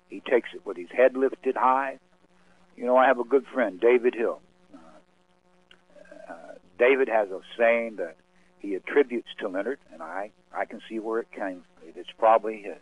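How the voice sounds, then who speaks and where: A man giving a solemn, measured spoken-word appeal and reading, with dramatic pauses, as a guest on a radio show. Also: medium pitch, slightly rough. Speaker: radio guest speaking for a cause. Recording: tinny phone line.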